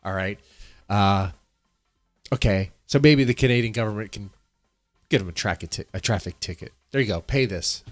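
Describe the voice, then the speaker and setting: A man doing a casual live-stream reaction, rambling and circling back over his own words while he chats with viewers. His nose is stuffed up from allergies, and soft music plays faintly behind him. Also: on the low side, normal speed, pauses often. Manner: rambling, repeats himself, talks to his chat. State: congested from allergies.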